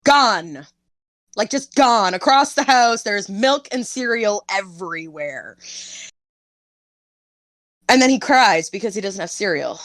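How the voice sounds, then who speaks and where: A young woman chatting as a podcast guest, telling stories in an animated way, laughing often and swearing freely. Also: mid-range voice, takes it slowly, pauses often, no echo. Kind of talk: casual interview chat.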